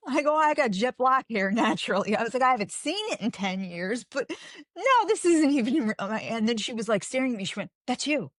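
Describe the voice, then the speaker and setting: A woman in her forties, a guest author chatting in an interview, telling animated stories and acting out the dialogue. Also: a little high, fairly quick, dry recording, studio quality. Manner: animated storyteller, acts out quoted dialogue. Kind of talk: casual interview chat.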